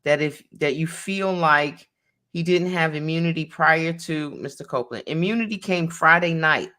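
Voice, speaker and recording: A woman's voice: low-pitched, moderate pace, bright, forceful tone. Woman attorney reading out a transcript. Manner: reads each speaker's name before their line. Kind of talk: reading a court transcript aloud, explaining it.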